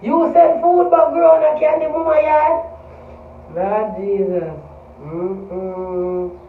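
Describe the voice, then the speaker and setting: A man's voice: sits high, level tone, takes it slowly, roomy sound, a little hiss or hum. Jamaican man, vlogger, swears a lot, repeats himself, tinny phone-like sound, distant from mic. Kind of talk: casual vlog monologue.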